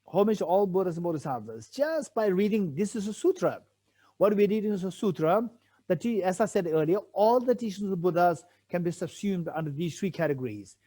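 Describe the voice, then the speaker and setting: A man gives a Buddhist teaching on a sutra commentary, his high, mellow voice lively in intonation and a touch fast. Patient in explaining the text, he repeats key phrases and asks rhetorical questions.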